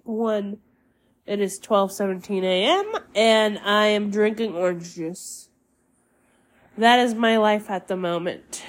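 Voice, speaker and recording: A young woman chats alone on her podcast, slow and unhurried, her voice a little congested. She rambles easily through fillers at a middling pitch. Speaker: podcast host. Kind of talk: casual solo podcast chat.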